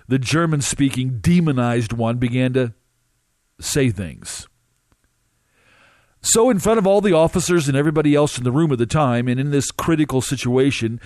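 A man recounting a dramatic first-person testimony as a minister, emphatic and halting, with drawn-out pauses. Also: mid-range voice, darkish tone, dry recording, clean studio sound.

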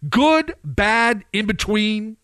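A man preaching and commenting, firing off rhetorical questions with his pitch swinging up and down. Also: expressive, very slow, sharp tone, clear, resonant tone, no room sound.

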